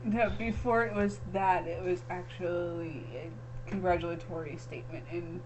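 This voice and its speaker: A woman's voice: lowish voice, steady tone, moderate pace, crowd noise, poor audio. A woman from Long Island, hosting a casual chat podcast and teasing her co-host. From Long Island, New York. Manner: laughs often, teasing.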